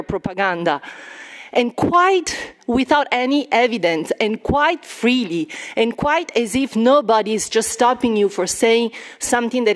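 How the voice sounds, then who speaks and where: Woman reporter, pressing and indignant, English. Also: mid-range voice. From Italy. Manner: indignant, challenging, rapid questioning. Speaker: journalist. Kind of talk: heated press conference exchange. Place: press conference room.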